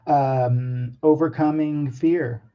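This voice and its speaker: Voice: medium pitch, fairly even intonation, slow, dull audio. An artist talking casually to camera about drawing, hesitant and nervous, with many ums and restarts and some self-mocking asides.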